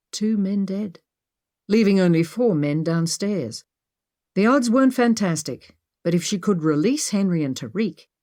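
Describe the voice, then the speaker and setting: A woman narrating an adventure audiobook in a steady, measured way. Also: on the low side. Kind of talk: scripted narration.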